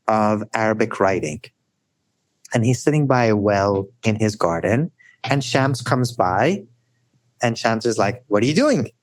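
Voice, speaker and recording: A man telling stories as a guest scholar in a podcast interview, animated and often adding "right?". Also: dry recording. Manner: animated storyteller, rising high for emphasis; frequent "right?" tags.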